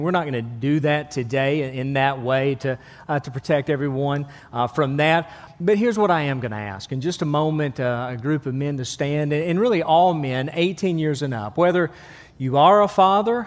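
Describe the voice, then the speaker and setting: A male pastor preaching a casual, halting sermon with frequent restarts, asking the congregation for amens. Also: a little high. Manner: conversational, many restarts, calls for amens. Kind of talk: sermon with humor and prayer. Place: church sanctuary. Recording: long church hall reverb.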